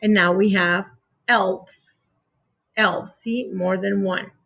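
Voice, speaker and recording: A woman teaching a phonics lesson to young children, sounding out words letter by letter with deliberate pauses and patiently repeating each rule. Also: medium pitch, steady tone, fairly bright tone.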